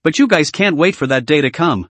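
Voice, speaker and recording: A bloodthirsty martial villain, arrogant and cruel, read by a male narrator. His voice sits a little high, and it is recorded close and dry with no room sound. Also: animated, fairly quick, fairly bright tone, no room sound. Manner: cruel, boastful.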